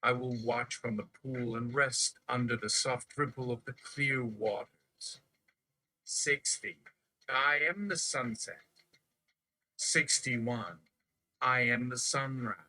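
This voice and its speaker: A man's voice: mid-range voice, slow, pushed and bright, rough recording. A man on a live stream reciting numbered declarations one after another in a chanting manner. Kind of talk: slow counting recitation.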